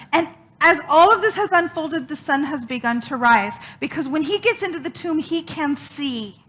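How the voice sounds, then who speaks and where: A woman minister preaches a sermon in a high-pitched voice, retelling a story dramatically with expressive, emphatic repetition.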